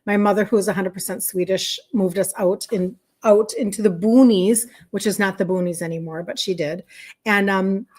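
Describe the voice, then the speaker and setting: A woman's voice: medium pitch, fairly even intonation, normal speed, a little mellow. A middle-aged woman from Minnesota with a Minnesota accent, hosting a casual livestream, chatting with viewers and greeting them by name as a health coach. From Minnesota, USA.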